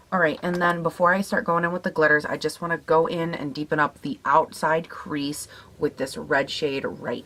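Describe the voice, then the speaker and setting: A young woman with a raspy morning voice, chatting casually as she tests makeup, swearing now and then and laughing at herself. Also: deep voice, fairly bright tone. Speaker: beauty vlogger. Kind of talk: casual makeup tutorial chat.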